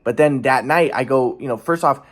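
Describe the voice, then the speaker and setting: A man's voice: mid-range voice, moderate pace. A man telling a personal story in a rambling vlog monologue, full of stumbling restarts and frank, profane asides.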